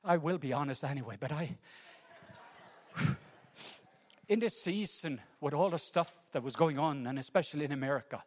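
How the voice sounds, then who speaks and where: Norwegian guy preaching, kinda high voice, big hall reverb, goes loud then goes quiet. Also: normal speed, long pauses. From Norway. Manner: impassioned preaching, swinging between loud cries and low hushed lines. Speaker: pastor. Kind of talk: sermon.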